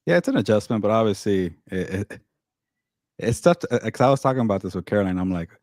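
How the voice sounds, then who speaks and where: A man's voice: fairly low pitch, lively intonation, fast talker, darkish tone, no echo, studio quality. A man co-hosting a podcast, talking in a rambling way about life as a new father. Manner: rambling, self-interrupting. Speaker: podcast co-host. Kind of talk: casual chat.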